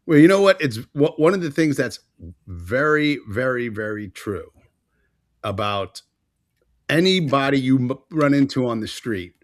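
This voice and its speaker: Man, podcast host, animated storyteller, mid pitch, dry close sound. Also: measured pace, no room sound. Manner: animated storyteller, acts out quotes. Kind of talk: casual podcast chat.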